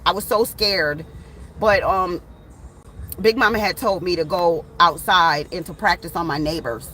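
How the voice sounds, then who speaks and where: A woman tarot reader chatting casually to her viewers outdoors, animated and swearing freely as she tells stories. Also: lowish voice, unhurried, low-quality recording. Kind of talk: casual storytelling vlog.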